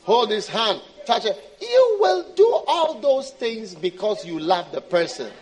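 A man's voice: high-pitched, sing-song, unhurried, poor audio. A man preaching a sermon in an emphatic, repetitive way.

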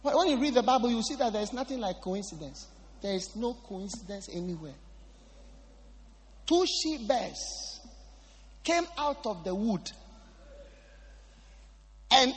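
High, lively preacher in a hall. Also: male voice, unhurried, long pauses. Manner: emphatic, repetitive preaching. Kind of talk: sermon.

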